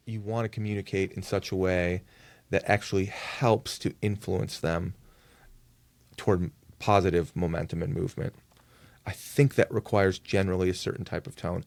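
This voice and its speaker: A man who is a lead pastor, talking as a guest on a podcast in a thoughtful, measured way with frequent fillers. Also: lowish voice, creaky, a little mellow, dry recording. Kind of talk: conversational podcast interview.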